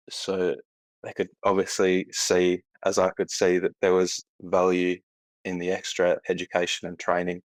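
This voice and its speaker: An Australian man speaks in a very low, steady voice with little rise and fall. He answers calmly and modestly, recorded close and dry. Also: no echo. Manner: measured, modest, even. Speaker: podcast guest, account manager. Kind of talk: interview answers.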